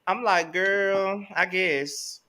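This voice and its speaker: Male gossip co-host, bright tone, lively and expressive delivery. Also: a little high, fairly quick. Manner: animated, swings between loud and soft. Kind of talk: casual gossip chat.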